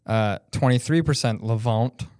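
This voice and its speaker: A young man co-hosting a podcast in casual chat, teasing his partner and quick with jokes. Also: medium pitch, darkish tone, dry recording, studio quality. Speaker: podcast co-host.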